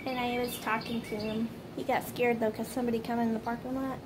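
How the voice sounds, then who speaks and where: A woman's voice: on the high side, flat delivery, normal speed, background noise. A woman, chatting casually and rambling a bit as she vlogs her day to the camera. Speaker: vlogger.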